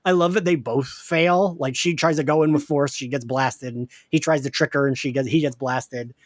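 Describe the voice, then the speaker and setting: A man's voice: medium pitch, fairly even intonation, moderate pace, no room sound, clean studio sound. A man with a Philadelphia-area accent co-hosting a podcast, talking casually, laughing often and swearing now and then. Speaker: podcast co-host. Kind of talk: casual chat.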